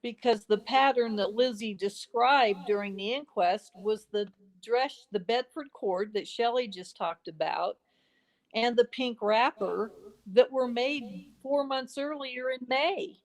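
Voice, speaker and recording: A woman's voice: a little high, slow pace. Earnest woman building a case. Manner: acts out quoted dialogue in brief snippets. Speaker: podcast guest. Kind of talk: conversational storytelling.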